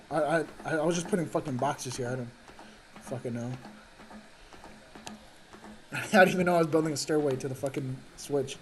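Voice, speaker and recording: A man's voice: a little high, darkish tone, a little hiss or hum. A man streaming a game, telling a rambling, profane story with frequent laughs. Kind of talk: casual gaming chat.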